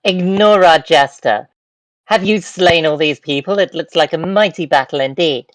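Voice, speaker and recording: A man's voice: on the high side, moderate pace, no echo, pitched above the performer's own voice, lightly acted, rough recording. A man voicing a formal demon-hunting adventurer who speaks in stilted, old-fashioned phrases. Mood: stately.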